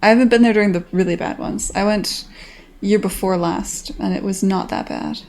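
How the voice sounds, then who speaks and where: A woman's voice: mid-range voice, moderate pace, darkish tone, slight background noise. An American woman in her thirties, a game developer chatting casually on a stream in a rambling way, swearing freely.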